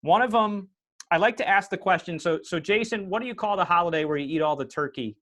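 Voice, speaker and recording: A man's voice: sits high, fast talker, fairly bright tone. A man with an upstate New York accent hosting a podcast and chatting from home over a video call on a lapel mic, telling stories and explaining history like the teacher he is. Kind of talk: casual chat.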